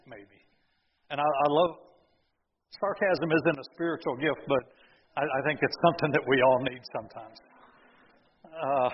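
A male pastor preaching a sermon, retelling the story with lively, sarcastic asides to the congregation. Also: fairly high pitch, big-room sound, muffled recording. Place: church sanctuary.

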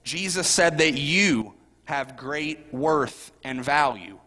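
A man's voice: a little high, slow pace, bright, forceful tone, big-room sound. A middle-aged man, a pastor, preaching a sermon in a conversational way, often asking the congregation questions.

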